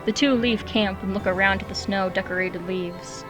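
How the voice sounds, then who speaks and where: A woman reading her own story aloud as a steady, clear narrator. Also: mid-range voice, moderate pace, music in the background.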